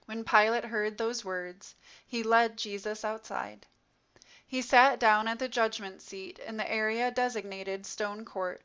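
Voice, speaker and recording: A woman reads scripture aloud at an unhurried, deliberate pace, each phrase measured and solemn. Her voice sits a little high and bright. The recording sounds dull and lo-fi. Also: steady tone. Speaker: scripture reader. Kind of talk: slow scripture reading. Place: church.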